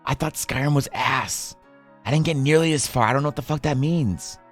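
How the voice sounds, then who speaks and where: A man's voice: medium pitch, fairly quick, soft background music. Rambling, profane male streamer. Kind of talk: casual chat while drawing on stream.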